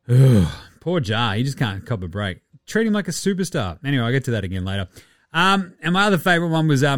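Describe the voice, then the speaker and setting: A man's voice: medium pitch, dry recording, clean studio sound. A man with an Australian accent hosting a casual, rambling chat with lots of swearing and chuckling asides. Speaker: podcast host.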